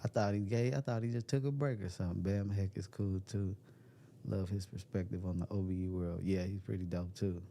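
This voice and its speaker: A man's voice: low voice, fairly even intonation, a little fast, mellow, slight background noise. A man hosting a casual livestream, reading chat comments aloud, joking and laughing often, with loose slangy talk. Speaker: livestream host. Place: cold room at home.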